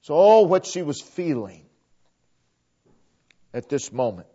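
A man delivers a sermon in an unhurried, deliberate way, hammering phrases through repetition. His voice sits high for a man and lurches from ringing emphasis down to near-whispers. The recording sounds muffled and lo-fi. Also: big pitch swings. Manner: dramatic, swinging from loud emphasis to hushed near-whispers. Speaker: preacher. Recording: dull lo-fi recording.

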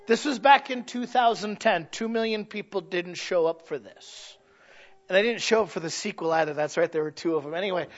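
A man preaching a sermon in a conversational way, swinging from hushed asides to shouted lines. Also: high voice, fairly quick, highs cut off.

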